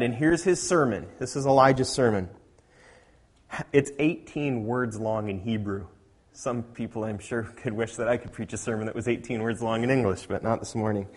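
A man preaching a sermon as a pastor, telling a story with animated swings between quiet asides and loud, emphatic lines. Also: medium pitch, moderate pace.

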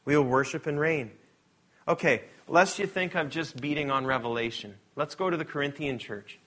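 A man preaching a sermon, reading scripture aloud and moving between loud, emphatic passages and quiet asides. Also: on the high side, normal speed.

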